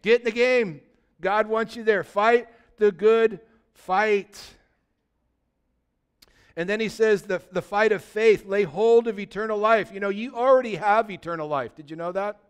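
A male pastor preaches a conversational sermon, exhorting and calling out to his congregation. His voice is high, brisk and smooth.

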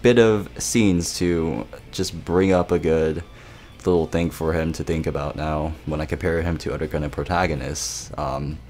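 Deep-voiced young man rambling about an anime. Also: steady tone, moderate pace, a little mellow. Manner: rambling, laughing, swearing, quotes scenes in mock voices. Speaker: anime reviewer. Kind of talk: casual video review.

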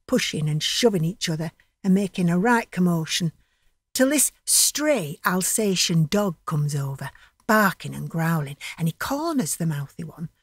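A woman's voice: on the low side, lively intonation, moderate pace, husky, no room sound, studio quality. A woman narrating a dramatic monologue in a chatty, vivid storytelling manner.

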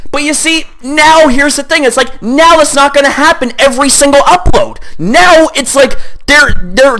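A man's voice: extremely high pitch, bright, forceful tone. A young man in a heated, profane rant to camera, sweaty and just back from the gym, who keeps returning to "here's the thing". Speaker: YouTuber.

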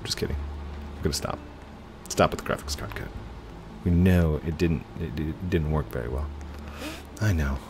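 A man's voice: very deep voice, normal speed, long pauses, darkish tone, slight background noise. A man hosting casual let's-play commentary at his home computer, chatting to viewers and narrating his own moves. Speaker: gaming channel host.

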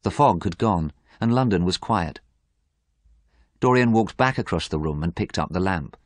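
A man narrating a graded story in a steady, clear storytelling manner. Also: low-pitched, normal speed, no room sound.

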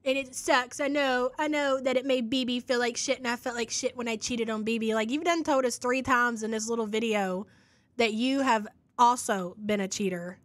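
A woman's voice: a little high, steady tone, normal speed. Sarcastic woman hosting a live reaction show. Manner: sarcastic, reads chat messages aloud. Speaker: commentary podcast host.

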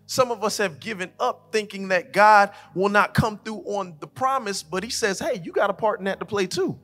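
Male co-pastor, high and bright, very animated sermon delivery, long hall reverb. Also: moderate pace. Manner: animated, acts out his daughter's voice, builds to shouting. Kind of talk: sermon with storytelling. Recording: live church hall reverb with music.

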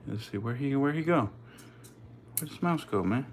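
A man's voice: medium pitch, animated, normal speed, slightly rough. A man casually chatting to his live-stream viewers and his snakes while feeding them, in slangy, swearing talk. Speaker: reptile keeper streaming live. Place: indoors by snake enclosures.

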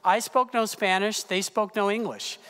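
A man's voice: sits high, fairly even intonation, moderate pace, fairly bright tone. A man from California, a pastor, telling a personal story in a sermon with gasps and casual fillers. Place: church sanctuary. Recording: long hall reverb.

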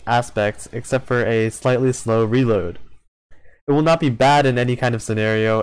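Smooth-voiced man explaining a game. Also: medium pitch, poor audio. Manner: explanatory, walks through menus and stats. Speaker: gaming channel host. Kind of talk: casual game guide commentary.

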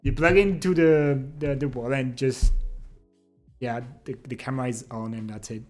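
A young man chatting casually with his stream chat, relaxed and giggly. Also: mid-range voice, normal speed, faint music behind. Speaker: livestreamer. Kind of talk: casual chat reading and answering viewer chat.

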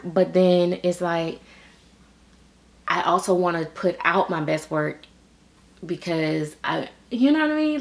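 A middle-aged woman, a doll artist chatting casually to her viewers, rambling and restarting often. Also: mid-range voice. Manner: rambling, many fillers and restarts. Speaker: reborn doll artist and vlogger.

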